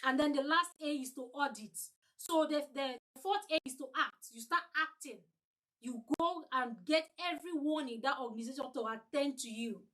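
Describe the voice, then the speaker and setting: A woman's voice: high voice, normal speed, a bit bright, low-quality recording. A woman leading an online customer-service training, emphatic, repeating her points and acting out sample lines.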